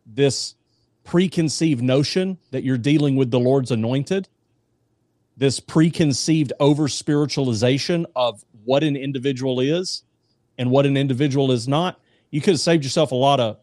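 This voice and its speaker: A man in casual faith discussion, telling jokes and stories in an animated way, with voices. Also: mid-range voice, moderate pace, no echo, clean studio sound.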